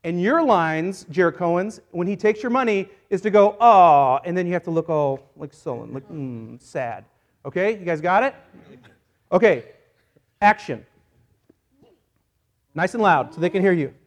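A man preaching a sermon as a pastor, playful and energetic, joking with volunteers while acting out a Bible story. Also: high voice, normal speed, pauses often. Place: church service.

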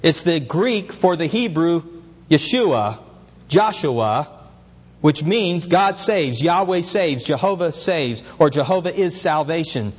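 A man's voice: on the high side, measured pace, few pauses, slightly rough, big-room sound, muffled recording. A pastor preaching an earnest sermon, his voice rising as he asks questions.

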